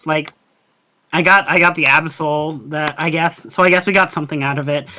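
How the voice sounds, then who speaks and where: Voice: medium pitch, steady tone, normal speed, pushed and bright, slight background noise. A tabletop game player talking casually, hesitant and giggly, trailing off and restarting often.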